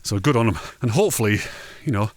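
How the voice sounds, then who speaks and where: A man's voice: lowish voice, lively intonation, fast talker, darkish tone, no room sound. A man, chatting casually and jokingly while walking along a mountain ridge outdoors. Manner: chatty, jokey, rambling asides. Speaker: hiking vlogger.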